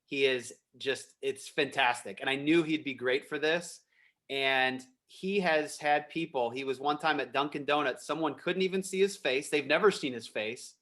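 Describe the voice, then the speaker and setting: A man, a real estate investor, telling stories from his business on a podcast. He sounds relaxed, and he gets animated as the stories build. His voice has an ordinary, mid-range pitch. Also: normal speed. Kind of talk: casual interview chat.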